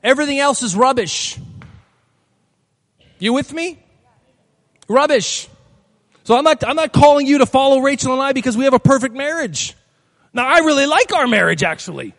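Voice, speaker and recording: A pastor preaching a sermon to a congregation, emphatic, repeating phrases and asking the crowd questions. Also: male voice, very high-pitched, lively intonation, normal speed, long pauses, a bit bright. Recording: long hall reverb.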